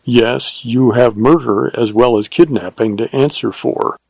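A man's voice: mid-range voice, unhurried, vocal fry, darkish tone, slightly rough, no echo, low-quality recording. A man reading aloud and voicing a cool, terse Texas Ranger in a western story.

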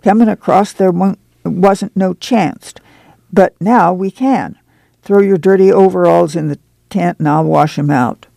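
A man's voice: sits high, measured pace, vocal fry, mellow, no echo. A man reading the part of a weary, guarded migrant farm mother in a folksy rural drawl. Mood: busy, bossy.

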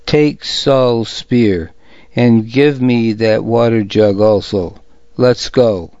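A man voicing a young warrior leader, speaking his lines in a firm, measured way. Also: medium pitch, darkish tone, dry recording. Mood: commanding. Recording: dull, dry recording.

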